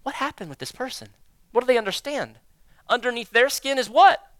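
A man preaching a sermon, acting out prayers and inner dialogue with God, swinging between loud emphasis and hushed, slow phrases. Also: very high-pitched, animated, dry recording. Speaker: pastor.

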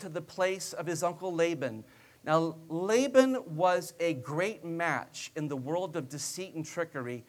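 A male preacher delivering a sermon in a conversational storytelling style, with joking asides to his listeners. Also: sits high.

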